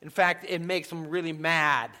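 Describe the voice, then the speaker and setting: Male pastor, slightly high, bright tone, emphatic conversational sermon delivery. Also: steady tone, moderate pace. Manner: emphatic, conversational preaching with sudden soft drops.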